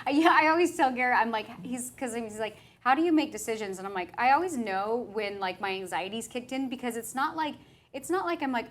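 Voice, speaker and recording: A woman's voice: fairly high pitch, fast. A woman hosting a podcast who talks in a reflective, agreeable way, often saying "right" and "like.". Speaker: podcast host. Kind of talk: casual podcast chat.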